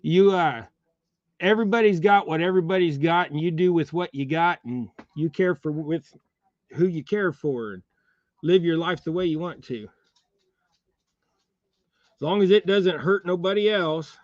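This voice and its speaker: A man's voice: a little high, normal speed, pauses often, a little mellow, no room sound, dull audio. A man hosting a fishing channel, chatting casually on a livestream while tying jigs. He rambles in a folksy way and chuckles often.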